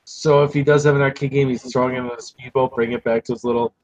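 A man's voice: medium pitch, little pitch movement, fast talker, darkish tone, dry recording, muffled recording. A man hosting a podcast, chatting casually, asking lots of questions and swearing now and then. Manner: curious, asks many questions, swears casually. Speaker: podcast host. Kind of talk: casual group chat.

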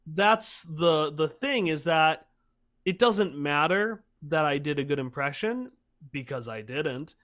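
A man who runs tabletop games, explaining his approach in casual podcast chat with lively energy. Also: on the high side, unhurried. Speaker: tabletop game master.

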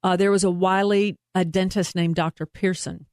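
A woman's voice: lowish voice, level tone, moderate pace, darkish tone, dry recording, studio quality. A woman working as a private investigator, talking earnestly and emphatically as a guest in an interview. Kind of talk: interview conversation.

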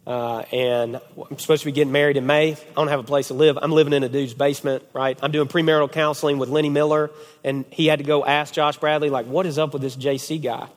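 A young man in his twenties preaching a sermon, telling a personal story with animated, acted-out quotes. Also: fast talker. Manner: animated storyteller, acts out quotes with big pitch swings. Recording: long hall reverb.

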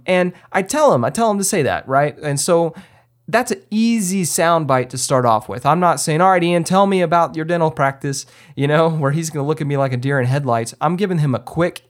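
Male podcast host, relaxed instructional chatter at an average pitch. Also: brisk. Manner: conversational, many fillers and restarts, acts out his own directions. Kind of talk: casual instructional talk.

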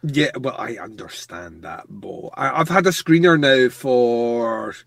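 A man's voice: mid-range voice, lively intonation, slow pace, gravelly, no room sound. Blunt, teasing man, dry sound. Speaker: podcast co-host. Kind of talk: casual chat about movies.

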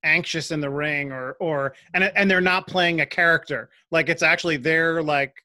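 A man's voice: a little high, moderate pace, bright, forceful tone. A man hosting a podcast interview, easygoing and agreeable as he chimes in. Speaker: podcast host.

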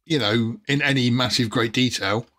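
Bright-voiced man hosting a chat. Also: mid-range voice, normal speed. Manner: chatty, jokey, trailing off with fillers. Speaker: host. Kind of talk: casual podcast chat.

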